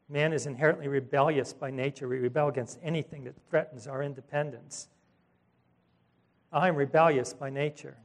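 Preaching in a voice a little higher than most men's, a pastor retells scripture in an animated, conversational way. He breaks into asides, corrects himself, and performs the voices of people in the stories.

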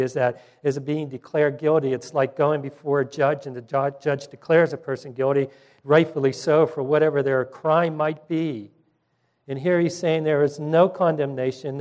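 A man delivering a sermon from the pulpit, his voice sitting a little higher than most men's. He teaches earnestly, letting phrases trail off softly and then rising with sudden emphasis. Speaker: pastor.

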